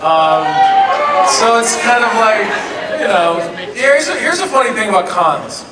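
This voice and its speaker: A man answering fan questions at a convention panel, telling stories in a lively way and laughing often. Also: high-pitched, unhurried, a loud crowd. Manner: animated, laughing storyteller. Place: convention hall. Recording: echoey hall, from far off.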